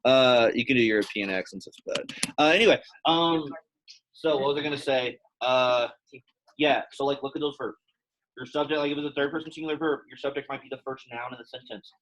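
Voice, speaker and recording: A young man teaching a Latin class in a relaxed, chatty way, with plenty of fillers. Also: mid-range voice, brisk, poor audio. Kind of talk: casual classroom lesson.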